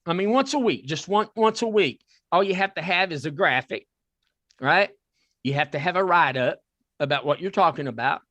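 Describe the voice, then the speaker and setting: Southern guy hosting a podcast, fairly high voice, gets excited, repeats himself a lot, dry close mic. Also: moderate pace, no room sound. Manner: excitable, repeats words and restarts. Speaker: podcast host. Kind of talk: casual chat with a sponsor plug.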